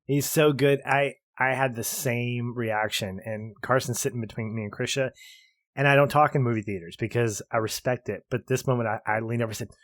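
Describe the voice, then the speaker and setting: A man's voice: medium pitch, fairly quick, no echo. A man in his thirties co-hosting a film podcast, chatting casually and animatedly with frequent laughter. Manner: animated, laughs often, rambling. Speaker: podcast co-host. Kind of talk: casual film review chat.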